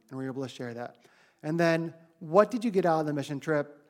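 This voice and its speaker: A man's voice: fairly high pitch, fast talker. A man leading a church mission team, telling the congregation about the trip in a casual, chatty way on a handheld mic. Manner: chatty, animated when quoting others. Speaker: mission trip leader giving a church report.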